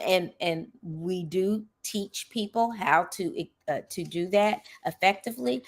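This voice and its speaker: A middle-aged woman who teaches, hosting a podcast in a casual monologue. She speaks earnestly and with emphasis, checking in with the listener with a frequent "okay?". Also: on the low side.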